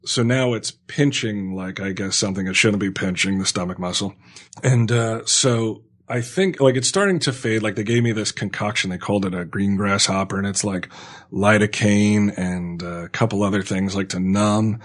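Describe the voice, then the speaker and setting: A man's voice: on the low side, normal speed. Rambling, laid-back man telling a story. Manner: rambling storytelling, many filler likes, swears freely. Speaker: podcast host telling a story. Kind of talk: casual chat.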